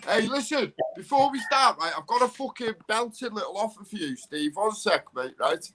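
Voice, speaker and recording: A man's voice: high voice, lively intonation, normal speed, bright, forceful tone. A man chatting on a video call, boisterous and blunt, swearing freely and calling people bro and mate. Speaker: guest on a live stream. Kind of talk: casual banter.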